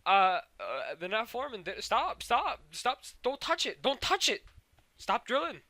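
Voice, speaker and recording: Steven, a man squeaking as a frantic boy hero. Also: very animated, unhurried, pushed and bright, heavily acted. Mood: panicked. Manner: frantic, repeating himself. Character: excitable young boy hero, panicky and pleading.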